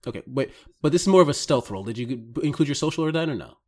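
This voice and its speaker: A man's voice: medium pitch, lively intonation, rapid-fire. A man narrating as game master of a tabletop role-playing game, easygoing and often laughing.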